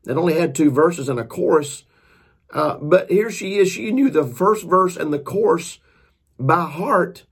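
A man's voice: a little high, lively intonation, a little slow, breathy edge. A man, a preacher and author, telling a story in a folksy, earnest, casual way. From Georgia, US.

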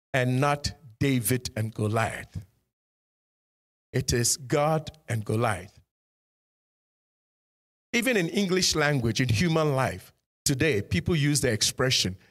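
A man's voice: medium pitch, a bit bright. A man preaching a sermon as pastor, punctuating points with "Amen" and putting direct questions to his congregation.

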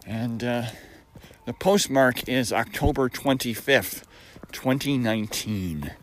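A man's voice: medium pitch, slow pace, a little hiss or hum, low-quality recording. A middle-aged man hosting a casual solo podcast, chatty and full of wry asides and puns. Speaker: podcast host.

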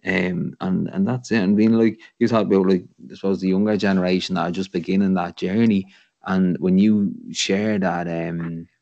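Dublin guy hosting a podcast, low gravelly voice, thinking out loud, dry dull sound. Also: steady tone, moderate pace, no echo. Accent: Irish, Dublin. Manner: reflective, rambling, says "you know what I mean" often. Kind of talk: casual podcast conversation.

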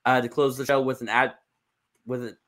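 Bright-voiced young man narrating casually. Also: medium pitch, flat delivery, brisk. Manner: loose, joking, swears and restarts. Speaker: podcast host. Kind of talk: casual narration of a wrestling story.

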